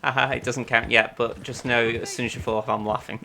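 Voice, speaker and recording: A man's voice: medium pitch, little pitch movement, a little fast, creaky, noisy background. A man streaming a video game and chatting along as he plays, narrating his own moves and talking to his viewers. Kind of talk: live game-stream commentary.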